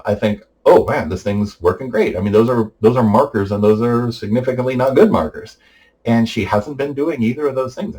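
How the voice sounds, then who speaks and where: A man's voice: medium pitch, a little mellow, low-quality recording. A middle-aged man giving a casual personal update, rambling with many fillers and restarts. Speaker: vlogger giving a family update.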